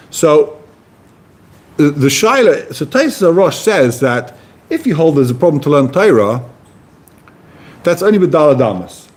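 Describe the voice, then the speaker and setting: A man with a Yeshivish English accent teaching a Talmud class, casual and animated, often asking rhetorical questions. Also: fairly high pitch, husky. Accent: Yeshivish English with Hebrew-Aramaic terms.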